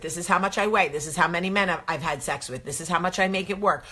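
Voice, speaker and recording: A woman's voice: on the low side, fast, few pauses, bright, forceful tone, husky. A woman hosting a vlog, giving an emphatic, sassy motivational talk straight to camera. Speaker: vlog host.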